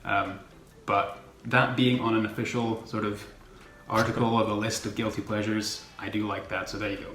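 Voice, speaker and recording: Earnest low-voiced man. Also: little pitch movement, normal speed, fairly bright tone. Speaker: podcast co-host. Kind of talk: casual chat. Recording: echoey room, crowd noise behind.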